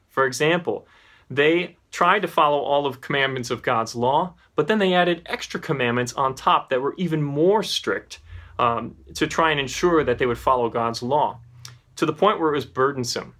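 A man preaching a sermon, explaining in a teaching tone and swinging his pitch up and down for emphasis. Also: fairly bright tone.

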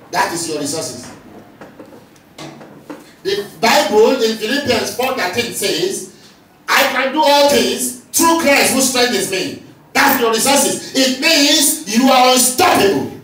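This pastor's high voice sounds pushed and bright while he preaches, calling out and repeating lines that the congregation answers. It was recorded from a distance in an echoey hall, with faint noise present.

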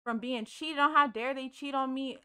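A young woman gives let's play commentary in a slightly high, bright, forward voice. She chats loosely with her viewers and scolds the characters on screen. She swears casually as she goes. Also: normal speed, clean tone. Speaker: gaming streamer.

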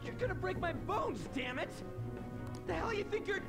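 Hot-headed teen boy in a game, brash and swearing, loud music behind. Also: extremely high pitch, expressive, normal speed, gravelly, heavily acted. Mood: angry. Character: angry defiant teenage boy, hot-headed.

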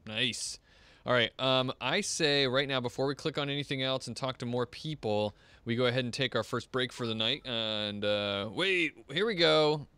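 A man leading a group through an online game, excitable and laughing often in casual gaming chat. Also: medium pitch, normal speed, clear, resonant tone, dry recording. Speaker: game leader.

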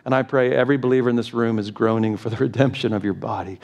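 Middle-aged pastor preaching with passion. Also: male voice, fairly even intonation, fast talker, few pauses, a little mellow. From United States. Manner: impassioned, rising to high urgent pleading. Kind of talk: sermon. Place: church sanctuary.

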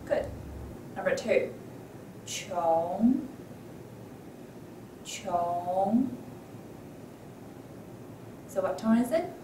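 A woman who speaks natively teaches tones in English, calmly modeling each sound and pausing for students to repeat. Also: a little high. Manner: patient, models sounds and pauses for repetition. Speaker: Mandarin teacher. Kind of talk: slow, deliberate language lesson. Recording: echoey room, mic at a distance, background noise.

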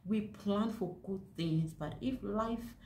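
A woman's voice: mid-range voice, slow. A young woman from Ghana vlogging to camera, emphatic and aggrieved, often repeating herself. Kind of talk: casual vlog monologue. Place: indoors in a house. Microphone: camera on a stand. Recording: echoey room with faint background noise.

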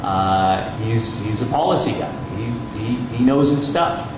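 A man's voice: on the low side, expressive, unhurried. A middle-aged radio journalist telling anecdotes on a panel, chatty, laughing often and restarting his sentences. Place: panel discussion in a large echoey room. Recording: echoey hall from far off, noisy.

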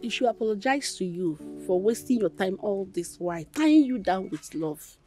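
An actress playing a bitter mother who lectures her daughter, with a Nigerian accent and a sharp, sarcastic way of talking. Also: medium pitch, lively intonation, normal speed, faint music behind, close to an everyday voice. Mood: reproachful. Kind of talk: Nollywood film acting.

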